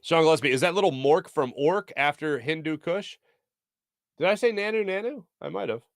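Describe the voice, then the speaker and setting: A man in his thirties hosts a live sports talk show and riffs on viewer comments with a jokey, animated delivery. His voice sits a little high and moves around a lot. The sound is dry and close, with no room around it. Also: normal speed, dry recording.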